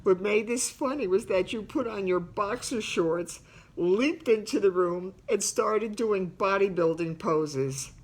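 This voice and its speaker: Slow-talking woman reading her memoir. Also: medium pitch. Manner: reminiscing, often laughing through her reading; slow, unhurried delivery. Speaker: author reading and discussing her book. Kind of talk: book reading mixed with personal talk.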